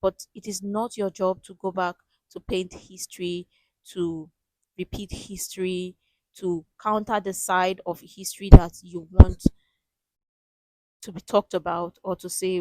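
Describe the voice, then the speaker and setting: A woman's voice: fairly low pitch, level tone, measured pace, dark tone, no room sound, low-quality recording. A woman hosting a reaction video, giving emphatic casual commentary and repeating her key phrases.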